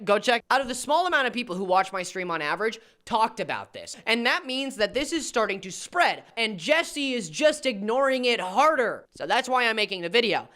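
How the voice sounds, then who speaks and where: An American man doing commentary in a sarcastic manner, jumping between loud jabs and low mutters. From United States. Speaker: commentary YouTuber. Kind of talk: commentary video.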